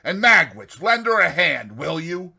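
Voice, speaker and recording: A man's voice: high voice, sing-song, vocal fry, sharp tone, slightly rough, pitched above the performer's own voice, full character voice. A man doing a scornful, cowardly schemer. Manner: contemptuous, drawn-out scolding.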